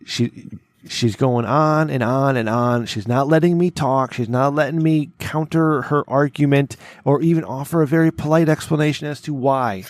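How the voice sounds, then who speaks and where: A man's voice: medium pitch, normal speed, no room sound. Man, podcast co-host, rambling storyteller, restarts a lot, dead-dry mic. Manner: rambling, repeats words, checks in with "okay?" and "right?". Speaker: workplace boss. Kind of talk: casual storytelling chat.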